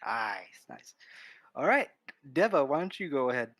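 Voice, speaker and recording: A man hosting a casual gaming podcast, relaxed and self-deprecating as he brings in his guests. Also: a little high, moderate pace, no echo. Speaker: podcast host.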